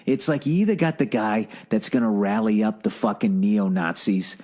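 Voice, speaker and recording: A man's voice: lowish voice, normal speed, a little mellow. A man hosting a podcast, ranting in an exasperated, profane monologue while jet lagged. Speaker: podcast host.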